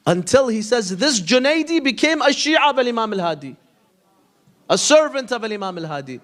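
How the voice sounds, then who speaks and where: A man telling a story in a sermon, animated, acting out the dialogue between the people in it. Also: a little high, moderate pace. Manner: animated storyteller, acts out dialogue in quoted voices. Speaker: preacher. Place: mosque hall.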